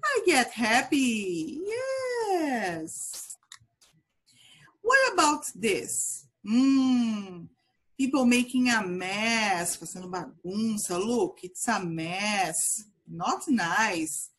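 Slow sing-song Brazilian teacher woman. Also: mid-range voice, lively intonation, a bit bright, husky. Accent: Brazilian Portuguese. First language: Portuguese. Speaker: English teacher for young children. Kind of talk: children's language lesson.

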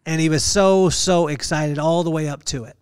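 A podcast host tells a personal story earnestly, almost like a preacher, repeating phrases for emphasis. His clear, resonant voice is on the high side, with fairly even intonation at a moderate pace, in a dry, clean studio recording.

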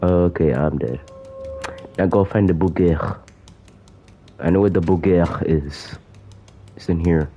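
A man's voice: low voice, a little slow, pauses often, dark tone, muffled recording, soft background music. A man giving joking commentary as he plays a horror game, talking to the character chasing him. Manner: jokey, talks to the game's villain. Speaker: gaming YouTuber.

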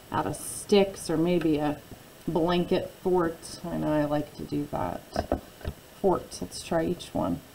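Female teacher, low gravelly voice, patient phonics lesson for kids. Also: mellow, a little hiss or hum, poor audio. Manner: patient, drawn-out word modeling. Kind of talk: phonics lesson for young children.

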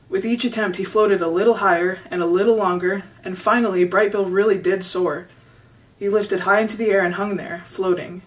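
Woman reading a kids book out loud, steady and gentle, mic kinda far away. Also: medium pitch. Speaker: storybook reader. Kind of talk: reading a children's novel aloud.

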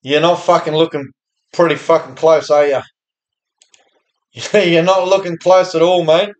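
An Australian man streaming slot games, swearing constantly and cheering loudly at the screen in casual live commentary. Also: fairly high pitch, unhurried, dull audio. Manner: profane, excitable, cheers at the screen. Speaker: slots streamer.

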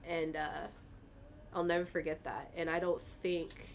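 A woman's voice: sits low, level tone, a little slow, slight background noise. A young woman speaking candidly as an interview guest, rambling with fillers and getting emotional, at times tearing up. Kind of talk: casual interview talk.

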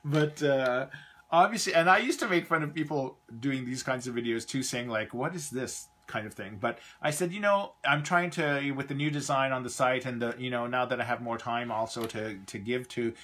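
Bright-voiced rambling Canadian man. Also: medium pitch, normal speed. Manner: rambling, chatty, trails off mid-thought. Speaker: toy reviewer hosting a live stream. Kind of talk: casual live-stream chat.

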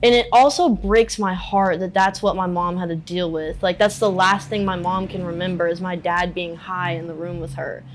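A young adult woman in a candid interview, talking in a halting, emotional way and using "like" a lot. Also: on the low side, steady tone, a little hiss or hum. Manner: halting and emotional, many filler "like"s.

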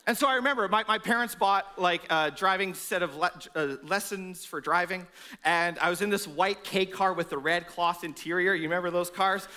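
A pastor delivering a sermon in church, his voice sitting high and ringing bright. He tells the story with animated energy, dropping into the voices of the people he describes. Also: normal speed.

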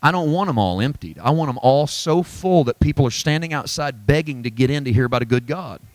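Emphatic preacher, dry sound. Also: male voice, dry recording. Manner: emphatic, swings from low asides to high exclamations; folksy, self-deprecating humor. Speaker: pastor. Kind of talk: sermon at a Bible study. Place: church.

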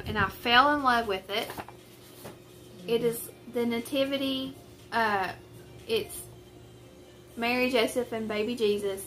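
A woman's voice: a little high, sharp tone. A young woman with a rural Southern US accent chatting to camera at home about her cross-stitch projects, rambling and self-deprecating, recorded on a tripod camera at a table. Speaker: craft vlogger. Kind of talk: casual chat to camera. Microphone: camera on a tripod with a ring light.

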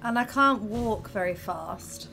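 A woman's voice: mid-range voice, slow, vocal fry, noisy background. A woman commenting while playing a video game, reacting aloud in a chatty, exclaiming way. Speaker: gamer. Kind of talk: let's-play commentary.

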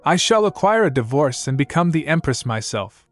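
A man's voice: on the high side, sing-song, moderate pace, faint music behind. A man voicing a proud, clever young princess who speaks in a cool, formal, commanding way. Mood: determined.

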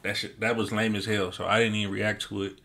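A man hosting a music reaction video, excitedly repeating lyric lines and commenting on them in casual talk. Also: lowish voice, fast, gravelly.

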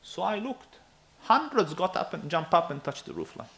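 A man in his thirties preaching a sermon in an animated, emphatic way, often checking with his listeners. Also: high voice, normal speed, creaky. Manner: animated and emphatic, with asides to the audience.

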